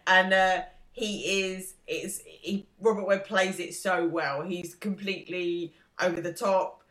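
A woman's voice: fairly low pitch, steady tone, slow pace, a bit bright. A woman in her thirties co-hosting a podcast, chatting thoughtfully and hedging her views. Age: 30s. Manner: thoughtful, hedging, laughs easily. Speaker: podcast co-host. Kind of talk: casual chat. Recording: roomy echo.

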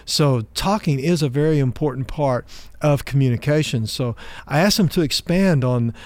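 A man pastor giving a teaching talk on relationships, speaking in a measured, conversational way and explaining with everyday examples. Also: medium pitch, a little mellow, no echo.

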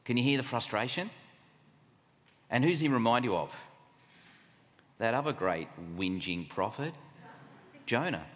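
A man's voice: medium pitch, very animated, moderate pace, pauses often, fairly bright tone. A man with an Australian accent preaching a sermon at a camp, conversational and full of rhetorical questions. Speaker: camp speaker. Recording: long hall reverb.

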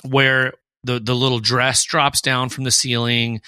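A man's voice: mid-range voice, level tone, a little slow, pushed and bright, clear, resonant tone, dry recording, studio quality. A man with a Midwestern accent co-hosting a podcast in casual chat, rambling and thinking aloud. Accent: Midwestern American. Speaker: podcast co-host.

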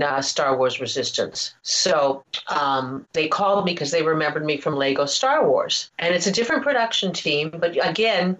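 Chatty woman voice actor, slightly low. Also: fairly bright tone, highs cut off. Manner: chatty, rambling, many restarts and asides. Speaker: voice actor, interview guest. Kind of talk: casual interview storytelling.

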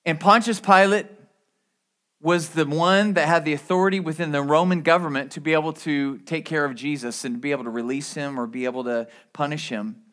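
A man's voice: on the high side, steady tone, a little fast, fairly bright tone. A man preaching a sermon as pastor, in a conversational way with asides and restarts.

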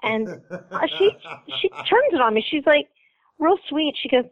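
A woman's voice: high-pitched, moderate pace, no room sound, phone-quality sound. Laughing woman comedian telling stories. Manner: lively anecdotal storyteller, laughs often. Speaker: comedian guest. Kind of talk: casual storytelling interview.

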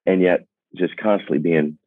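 A man in his sixties, a singer-songwriter, tells personal stories earnestly and reflectively, with self-deprecating humor and halting restarts. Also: low-pitched, fairly even intonation, dry recording. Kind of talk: candid personal storytelling. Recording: dry, phone-like narrow sound.

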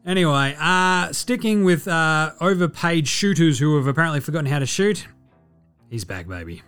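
Young Australian male host, sarcastic and sweary, animated pitch, light music bed. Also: moderate pace, clear, resonant tone. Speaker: podcast host. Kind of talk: casual sports chat.

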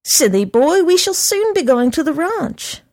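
A woman voicing an anxious, gentle middle-aged mother in a storybook reading. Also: extremely high pitch, sing-song, measured pace, no echo, clean studio sound, pitched above the performer's own voice, heavily acted. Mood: fretful. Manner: startled, fretting exclamations.

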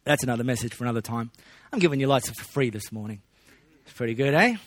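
A man preaching a sermon in a relaxed, conversational way, with joking asides to the congregation. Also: medium pitch, quick pace, dry recording. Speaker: pastor.

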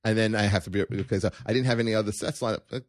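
A stand-up comedian with a somewhat low voice spins a story in casual, animated fashion. He leans hard on his points and keeps tossing in "okay?" to pull the listener along. The sound is close and dry, with no room in it. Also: very fast, dry recording.

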